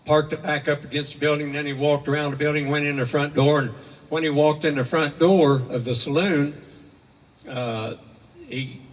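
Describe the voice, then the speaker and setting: Older man telling folksy tales in a hall. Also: a little high. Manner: rambling, homespun, with many fillers. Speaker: storyteller. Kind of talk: folksy spoken storytelling. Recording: echoey hall from far off.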